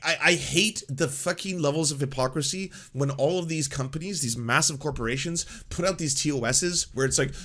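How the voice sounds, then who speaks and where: Male streamer host, profane and excitable, slightly high voice, rants hard. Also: moderate pace. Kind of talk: live-stream commentary.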